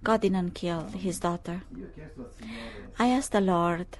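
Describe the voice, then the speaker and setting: A woman preaching, recounting news in a halting, filler-heavy way, rising to forceful preaching. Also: lowish voice. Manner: halting, many fillers and restarts; grows loud and forceful when preaching. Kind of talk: sermon reading news and prophecy.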